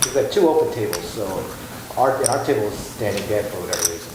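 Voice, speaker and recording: A man's voice: on the low side, expressive, quick pace. A man co-hosting a casual chat, telling his own dealer story at an easygoing pace. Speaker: podcast co-host, former casino dealer. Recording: echoey room with clear noise.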